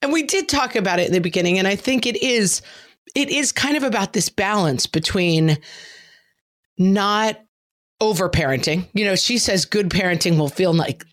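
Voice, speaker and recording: A middle-aged woman co-hosting a podcast, talking in a quick, chatty way. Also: medium pitch, animated. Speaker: podcast co-host. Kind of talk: casual podcast chat.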